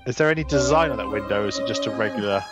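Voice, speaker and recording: A man's voice: fairly low pitch, racing, loud music behind the voice. A man chatting as a player in a tabletop game, asking questions in a dry way. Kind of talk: casual tabletop game chat.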